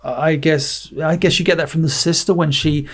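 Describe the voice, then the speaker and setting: A man co-hosting a podcast, chatting casually about a film and retelling its scenes in an animated, rambling way full of restarts and fillers. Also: on the high side, moderate pace. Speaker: podcast co-host. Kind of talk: casual film review chat.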